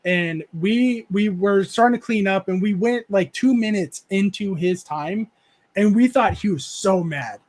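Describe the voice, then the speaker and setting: Hosting a laid-back livestream chat show, a man with a fairly high voice reads viewer comments and slips into meandering stories at an unhurried pace. He laughs a lot and leans heavily on fillers like "uh" and "like".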